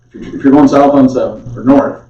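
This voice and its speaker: A skeptical man presses his questions at a council meeting, his mellow, darkish voice coming from a distance in a roomy chamber. The sound is dull and lo-fi. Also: medium pitch, fairly even intonation, a little fast. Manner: questioning, skeptical, repeats words when thinking. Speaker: council member. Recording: far-off mic, echoey chamber, dull sound.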